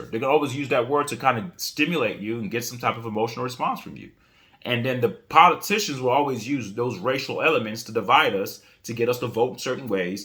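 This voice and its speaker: A man's voice: medium pitch, fairly bright tone. A man hosting a commentary channel, giving his opinion in a casual, outspoken way and answering chat comments.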